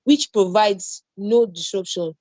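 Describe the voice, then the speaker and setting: A woman's voice: mid-range voice, slow, a little mellow, no echo, highs cut off. A woman with a Nigerian English accent teaching an online cloud security class, repeating key points and reassuring with everyday examples. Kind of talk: online training lecture.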